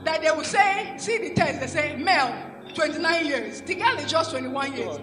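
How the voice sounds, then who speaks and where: High-voiced woman testifying in echoey hall. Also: expressive, normal speed. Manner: rambling storytelling with restarts. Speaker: church member giving testimony. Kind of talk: spoken testimony. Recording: echoey hall with music behind.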